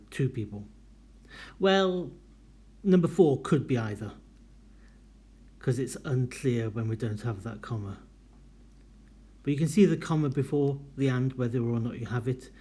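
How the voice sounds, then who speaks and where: A man with a mellow, dark-toned voice gives a university writing lecture. He speaks clearly and at a measured pace. He reads each example sentence aloud with pointed rises and falls in intonation. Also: medium pitch. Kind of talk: recorded lecture.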